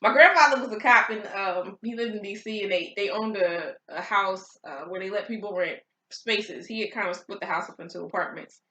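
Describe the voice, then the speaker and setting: A woman's voice: mid-range voice, fairly quick, few pauses, pushed and bright, dull audio. A woman co-hosting a casual talk show, telling a family story with many fillers and asides. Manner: rambling, full of fillers and asides. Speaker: co-host. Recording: echoey, off-mic with faint noise.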